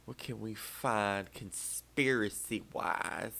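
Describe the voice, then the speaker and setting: A man's voice: fairly low pitch, slow pace, vocal fry, bright, forceful tone, a little hiss or hum. A man hosting a casual podcast chat, laughing often and joking loosely. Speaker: podcast host.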